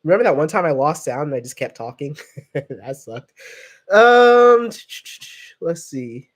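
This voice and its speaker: His voice sits fairly high and is expressive, moving a little slowly. The speaker is a young livestream host who reads out viewer comments and chats casually, rambling, cracking jokes and drifting into tangents.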